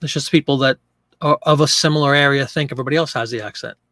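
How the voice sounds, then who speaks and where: A man's voice: medium pitch, fast talker, bright, forceful tone, no echo. A man hosting a live selling stream, chatting casually and joking as he reads viewer comments aloud.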